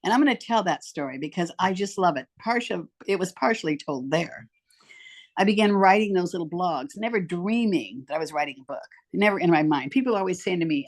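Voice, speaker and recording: Lively woman in her eighties telling stories. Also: fairly low pitch, fairly quick. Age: 80s. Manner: animated storyteller, acts out quoted voices. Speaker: podcast guest, author. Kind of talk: casual storytelling interview. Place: home.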